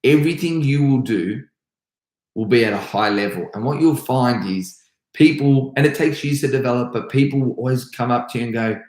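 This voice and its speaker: A man's voice: mid-range voice, moderate pace, a little mellow, roomy sound, low-quality recording. An Australian man, a karate instructor hosting a live stream, answering viewers' comments in an upbeat, chatty way full of restarts.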